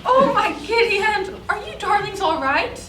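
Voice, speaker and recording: A woman's voice: extremely high pitch, lively intonation, moderate pace, a crowd in the background. A woman acting a fussy, sweet-talking old lady in a staged reading of a play. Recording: echoey room, distant mic.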